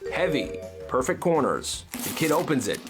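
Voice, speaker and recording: A man tells comedic stories with a slightly high, very lively voice, jumping around in pitch as he acts out the characters. Music plays clearly behind him throughout. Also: moderate pace. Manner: animated, switches into character voices. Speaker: storyteller.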